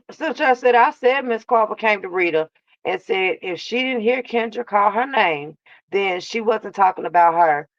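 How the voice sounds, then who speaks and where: A woman's voice: mid-range voice, dry recording, highs cut off. A woman hosting a casual live reaction stream, drawling and sassy, calling her chat baby and love. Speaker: reaction channel host.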